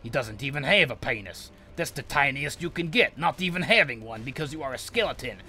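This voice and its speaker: A man commentates his game in a bright, sharp voice at an ordinary pitch. He swings between mock-villain boasting and startled yelps, keeping up a stream of profane trash talk. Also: expressive, brisk, soft background music. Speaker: let's play gamer.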